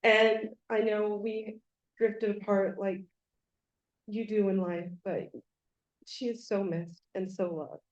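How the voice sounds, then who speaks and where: Woman giving a halting, tender eulogy. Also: medium pitch. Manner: halting, emotional, many fillers, bursts of excitement. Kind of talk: memorial speech. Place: event venue room. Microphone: handheld microphone. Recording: dull lo-fi venue audio.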